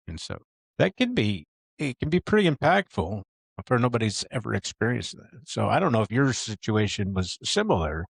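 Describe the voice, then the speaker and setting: A man's voice: lowish voice, creaky, no echo. A man in his fifties hosting a podcast interview, speaking earnestly and reflectively about his own experience. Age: 50s. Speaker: podcast host. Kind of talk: conversational interview.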